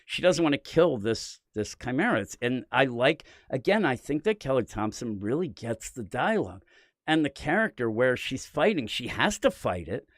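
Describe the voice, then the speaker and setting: A man's voice: medium pitch, sing-song, normal speed, no room sound, clean studio sound. A man hosting a comic book podcast, chatting casually with rambling enthusiasm and lots of fillers. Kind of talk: casual comic review chat.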